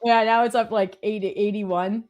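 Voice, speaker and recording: A woman's voice: medium pitch, steady tone, moderate pace, darkish tone, highs cut off, faint music behind. A young woman co-hosting a live trading stream, telling stories in a chatty way with lots of "like". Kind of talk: casual chat.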